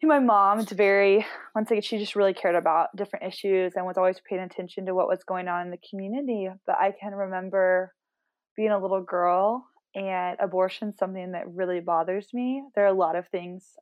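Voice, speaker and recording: A woman's voice: medium pitch, steady tone, brisk, lo-fi sound. A young woman, a podcast guest, talking earnestly and with passion in a rambling, casual interview.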